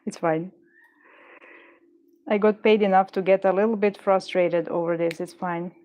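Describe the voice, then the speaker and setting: At her desk making jewelry, a woman chats casually and rambles, coaching herself through frustration and drifting off on tangents to viewers. She speaks at a normal speed in a mid-range, slightly mellow voice with fairly even intonation.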